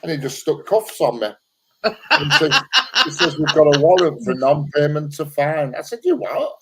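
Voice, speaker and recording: A man's voice: fairly high pitch, animated, normal speed, very noisy. A man, a guest, telling a story in a dry, plain-spoken way. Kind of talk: casual chat.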